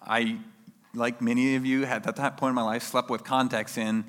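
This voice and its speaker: A man preaching a sermon, telling a personal story in an animated way and acting out his own shouts. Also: mid-range voice, normal speed, big-room sound.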